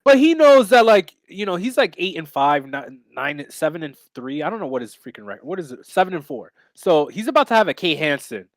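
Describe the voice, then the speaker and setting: A man's voice: a little high, very animated, a little fast, few pauses, no echo, clean studio sound. A man co-hosting a fight betting podcast, talking in a brash, rambling way with lots of fillers and swearing. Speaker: podcast co-host and MMA bettor. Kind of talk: casual betting chat.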